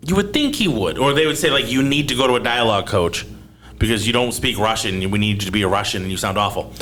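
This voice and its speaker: A man's voice: fairly low pitch, quick pace, a bit bright, a little hiss or hum. A man hosting a casual movie talk, blunt and profane, pushing his opinions hard. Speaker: podcast host. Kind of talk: casual chat.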